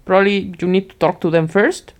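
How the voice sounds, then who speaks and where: A woman's voice: on the low side, steady tone, brisk. Chatty laughing woman podcast co-host. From outside Germany. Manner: chatty, laughs often, rambling with fillers. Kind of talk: casual chat.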